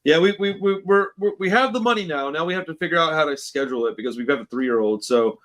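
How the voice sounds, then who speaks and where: A man in his forties hosts a laid-back podcast chat, his voice sitting fairly high for a man. He rambles through stories, loose and profane, with slang in nearly every sentence. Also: quick pace, a bit bright. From Texas. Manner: rambling storyteller, heavy slang and swearing. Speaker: podcast host. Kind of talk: casual chat.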